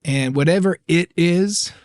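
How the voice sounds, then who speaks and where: A man with a somewhat raised pitch tells a story as a podcast guest, acting out each line of dialogue with lots of laughter. The sound is dry and close, with no room echo. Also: a little slow, clean tone. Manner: animated, acts out quoted dialogue, laughs often. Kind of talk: casual storytelling.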